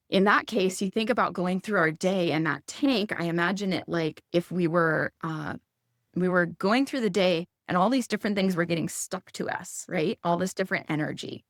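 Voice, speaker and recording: A woman in her thirties speaking casually as a guest, chatty and animated, acting out quoted lines in a higher voice. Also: no room sound, studio quality. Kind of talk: casual conversational advice.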